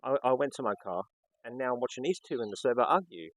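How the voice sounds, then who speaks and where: A man with an Australian accent telling an exasperated, animated story to his vlog audience. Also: medium pitch, quick pace, dry recording, rough recording. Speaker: vlogger.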